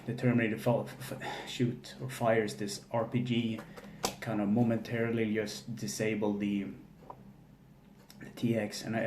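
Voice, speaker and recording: Flat-voiced man recapping a film, echoey room. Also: on the low side, slight background noise. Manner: halting, many fillers and restarts, flat delivery. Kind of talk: casual spoken film recap. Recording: echoey room with faint ambience.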